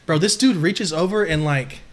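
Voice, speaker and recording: Young man, high-ish voice, animated profane storyteller, casual co-host banter. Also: normal speed. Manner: profane, animated, laughs through his stories. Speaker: podcast co-host.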